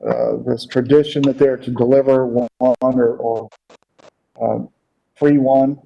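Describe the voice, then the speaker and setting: A man teaching a casual Bible class, talking in a halting way with many fillers and repeated words, on a dull lo-fi recording. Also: mid-range voice, little pitch movement, vocal fry, mellow.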